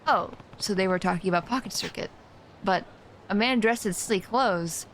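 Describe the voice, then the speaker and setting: A woman's voice: mid-range voice, normal speed, a bit bright, slight background noise. A woman streaming a game live, chatting casually in a passionate way and laughing often. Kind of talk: casual live-stream chat while gaming.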